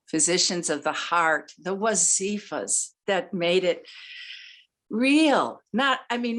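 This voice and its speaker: A woman giving a heartfelt memorial tribute, teary and halting, pausing often as she searches for words. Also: lowish voice, a bit bright. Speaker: student speaking at a memorial.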